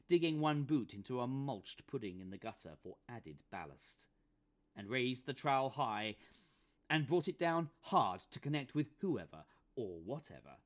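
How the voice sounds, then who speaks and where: A man, the author, reading his comic novel aloud with dramatic, playful storytelling. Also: medium pitch. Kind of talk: expressive book reading.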